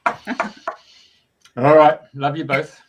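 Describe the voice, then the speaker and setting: A man hosting a broadcast in a relaxed, informal way. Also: a little high, slow pace, muffled recording. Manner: relaxed, informal sign-offs. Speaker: radio host. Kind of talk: casual broadcast chat.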